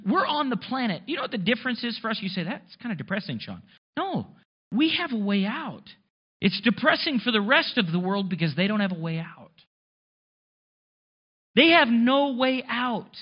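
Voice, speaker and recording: A pastor preaching a sermon in a conversational way, with sarcastic asides and rhetorical questions. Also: male voice, sits high, sing-song, brisk, breathy edge, muffled recording.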